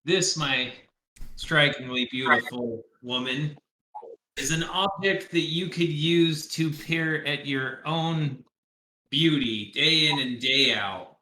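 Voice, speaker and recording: A man playing a slow, flowery male flatterer. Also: a little high, echoey room, full character voice, rough recording. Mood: flattering. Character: flattering male adventurer wooing a woman.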